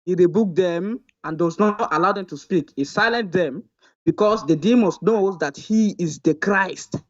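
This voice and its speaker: A man calling into a heated live debate, insistent and argumentative, reading verses slowly. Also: sits high, lo-fi sound. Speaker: caller in a debate.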